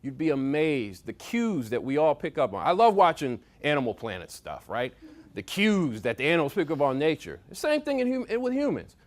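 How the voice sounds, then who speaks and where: Energetic man coaching a live audience. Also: fairly high pitch, moderate pace. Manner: lively, coaching, varies loudness for emphasis; uses sports analogies and repetition. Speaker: speaker at a leadership workshop. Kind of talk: motivational talk to a live audience. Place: meeting room with audience.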